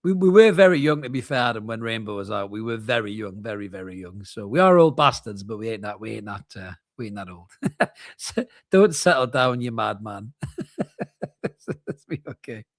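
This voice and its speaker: A man's voice: fairly low pitch, animated, dry recording, clean studio sound. A man, co-hosting a casual football watchalong and bantering bluntly. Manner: banter-laden, joking, quick to laugh; blunt, emphatic opinions. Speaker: podcast co-host.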